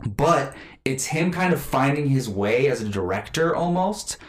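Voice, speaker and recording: A man's voice: mid-range voice, measured pace. Rambling man in an echoey room. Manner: rambling, animated, many fillers and restarts. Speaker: podcast co-host. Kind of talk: casual movie chat.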